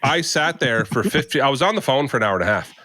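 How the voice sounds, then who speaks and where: Man, rambling exasperated storyteller, bright voice, dry close sound. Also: medium pitch, expressive, fast talker, no room sound. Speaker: podcast co-host. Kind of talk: casual storytelling chat.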